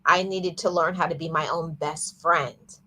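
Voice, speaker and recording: An adult woman hosting a livestream talks earnestly and reflectively about her life, including losing her father eighteen years ago. Her low, husky voice is steady and sharp in tone, a little slow, and she often repeats words and restarts sentences.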